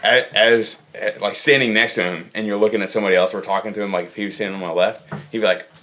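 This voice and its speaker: A man's voice: fairly low pitch, steady tone, fast talker, sharp tone. A man chatting casually on a podcast, telling stories with lots of "like" fillers. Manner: storytelling, heavy use of "like". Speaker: podcast guest. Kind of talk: casual chat.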